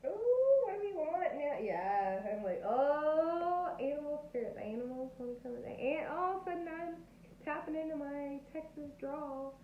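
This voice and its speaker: A woman's voice: sits high, expressive, normal speed. Bubbly woman tarot reader, laughs a lot, acts out reactions, echoey lo-fi phone-like sound with faint hiss. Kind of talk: casual tarot reading to camera.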